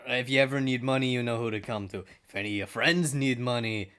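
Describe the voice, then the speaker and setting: A man voicing a smooth-talking male moneylender who offers deals in a low, confiding tone during a tabletop game. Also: fast, a bit bright, close to an everyday voice.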